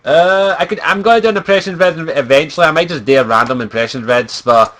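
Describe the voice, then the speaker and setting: A man's voice: on the high side, fast talker, a bit bright. A young man from Scotland, a streamer chatting casually in a profane, giggly, rambling way. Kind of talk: casual livestream chat.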